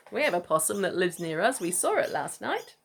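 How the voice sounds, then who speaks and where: Mum reading to her kid, lively up-and-down voice, playful asides. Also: lowish voice, breathy edge. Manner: playful, chatty asides and laughs. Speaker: mother reading to her child. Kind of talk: reading a picture book aloud.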